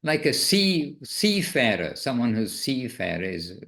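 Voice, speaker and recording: A man who is a spiritual teacher, giving an informal devotional talk in a musing, gently self-correcting way. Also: medium pitch, very animated, unhurried, creaky.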